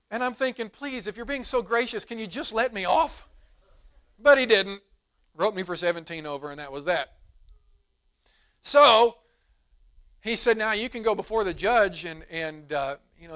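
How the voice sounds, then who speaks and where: A middle-aged man, a pastor preaching a sermon in a church, telling a folksy story in a relaxed, conversational way. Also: sits high. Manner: rises to emphatic preaching. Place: church sanctuary.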